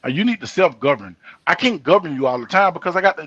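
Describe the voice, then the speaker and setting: A man's voice: a little high, fast, slightly rough, no room sound, lo-fi sound. An older man hosting a casual live talk show, telling stories and acting out the dialogue of the people in them. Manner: animated storyteller acting out quoted dialogue. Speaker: host.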